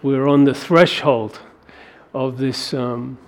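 A man preaching a sermon to a congregation, animated and acting out biblical dialogue in a raised voice. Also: mid-range voice, slow. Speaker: pastor.

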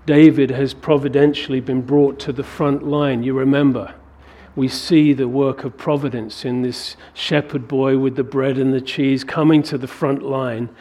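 A man preaching a sermon to a congregation, animated and acting out biblical dialogue in a raised voice. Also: mid-range voice, moderate pace, few pauses. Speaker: pastor.

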